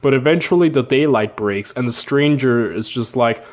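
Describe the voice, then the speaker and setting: A man's voice: medium pitch, normal speed, a little mellow. A man casually retelling an old story with jokes, slang and asides. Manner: joking, slangy, with fillers and laughs. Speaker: narrator.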